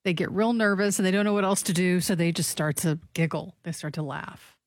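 A woman's voice: fairly low pitch, brisk, no echo. A woman co-hosting a talk radio show, giving short, dry replies and chatting casually. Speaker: radio co-host.

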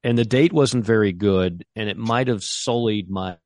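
A man co-hosting a sports podcast, rambling enthusiastically and restarting his sentences. His voice sits on the low side and sounds dry and close. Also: moderate pace, a little mellow, no room sound. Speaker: co-host. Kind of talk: casual sports podcast chat.

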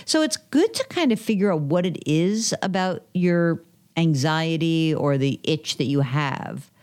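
A woman guest on a talk podcast tells stories about personal finance, chatty, full of fillers, and acting out quoted dialogue. Her voice sits low and animated, at a measured pace and a little mellow.

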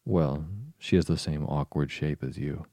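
A man's voice: very deep voice, steady tone, a little slow, dark tone, dry recording, studio quality. A man voicing a prim, severe talking rose who judges the girl.

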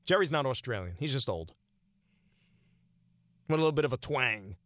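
A man's voice: on the high side, very animated, moderate pace, long pauses, sharp tone, dry recording, clean studio sound. A man hosting a sports talk radio show, giving an opinionated monologue full of rhetorical questions.

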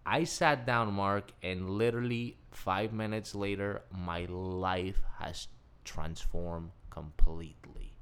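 A man being interviewed as a guest, telling a personal story in an excitable way and acting out the dialogue he quotes. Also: sits low, takes it slowly, smooth.

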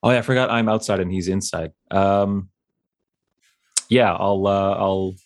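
A man with a lowish voice plays in a tabletop game, talking through his character's moves in a relaxed, easygoing manner. He is quick to laugh and keeps the tone casual. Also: no room sound, studio quality. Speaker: player.

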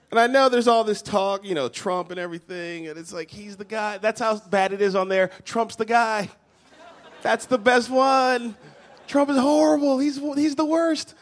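A man performing an animated stand-up comedy set on a live stage, with lots of asides. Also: sits high, normal speed. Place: live theater stage before an audience. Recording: live stage with audience and room noise.

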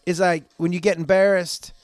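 A middle-aged male comedian with a fairly high voice rants loosely and swears freely. His voice is close and dry, with no room sound. He jumps from chatty storytelling to sudden loud outbursts. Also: normal speed, dry recording. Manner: profane, animated ranting with loud outbursts. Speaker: stand-up comedian. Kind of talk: casual monologue.

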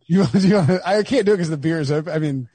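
A man co-hosting a podcast, rambling through casual banter with frequent laughs and quick asides. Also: a little high, dark tone, breathy edge, no echo. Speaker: podcast co-host.

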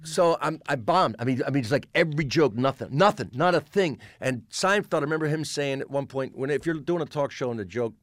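An older man, a stand-up comedian and podcast guest, telling backstage stories in lively chat and slipping into lower, quieter voices for the people he quotes. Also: a little fast, hardly any pauses, no echo, clean studio sound. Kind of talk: storytelling anecdotes in podcast chat.

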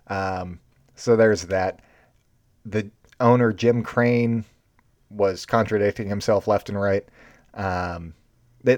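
A man with a low-pitched voice hosts a baseball show, riffing off the top of his head. His tone is sarcastic and ranting. The recording is dry and close, with no room sound. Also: darkish tone, no echo. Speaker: baseball podcast host. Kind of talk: unscripted sports commentary.

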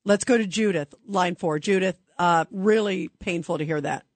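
A woman's voice: on the low side, normal speed, no room sound. Emphatic woman radio host. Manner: emphatic, indignant, conversational. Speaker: radio talk show host. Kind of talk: call-in talk radio.

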